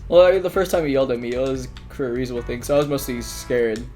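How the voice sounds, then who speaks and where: A man's voice: mid-range voice, racing, darkish tone, soft background music. A man telling school stories in a casual, rambling monologue, full of filler words, restarts and offhand swearing.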